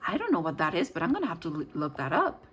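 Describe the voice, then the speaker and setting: A woman with a somewhat low voice talks through a tarot reading in a loose, unscripted way. She thinks out loud, stumbles and corrects herself mid-sentence. She breaks into soft laughter every so often. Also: wildly swooping pitch, quick pace, a little hiss or hum, rough recording. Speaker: tarot reader. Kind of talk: casual tarot reading to viewers.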